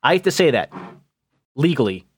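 A man's voice: medium pitch, very animated, moderate pace, slightly rough. A man hosting a podcast in casual, rambling chat, joking and laughing often. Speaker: podcast host.

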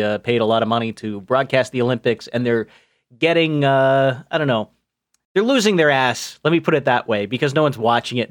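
A man hosting a podcast in casual, rambling chat, joking and laughing often. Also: medium pitch. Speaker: podcast host.

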